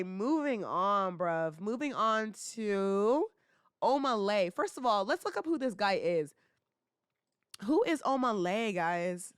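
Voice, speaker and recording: A young woman hosting a casual commentary podcast, talking in slangy, animated bursts full of rhetorical questions and teasing. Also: fairly high pitch, no echo, studio quality. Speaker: podcast host.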